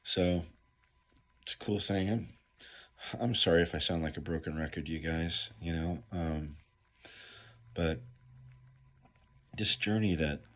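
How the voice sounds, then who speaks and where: A man's voice: low-pitched, unhurried, pauses often. A middle-aged man giving a candid recovery talk to viewers, blunt and profane as he rambles through his stories. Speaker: recovery speaker. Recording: dull lo-fi recording.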